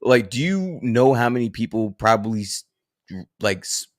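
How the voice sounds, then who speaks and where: A man's voice: medium pitch, lively intonation, moderate pace, dry recording, studio quality. A man co-hosting a live stream chat, arguing bluntly and swearing often. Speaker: co-host. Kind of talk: casual chat.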